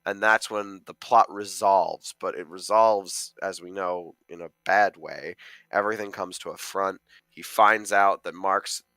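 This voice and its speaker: A man's voice: deep voice, steady tone, measured pace, sharp tone, no room sound. A young man co-hosting a podcast, chatting casually about films and rambling with many fillers. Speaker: podcast co-host, amateur film critic. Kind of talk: casual chat.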